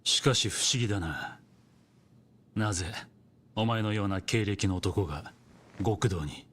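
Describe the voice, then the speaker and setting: An actor playing a stern senior male yakuza boss in video game dialogue, speaking in a measured, commanding way. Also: fairly low pitch, fairly bright tone.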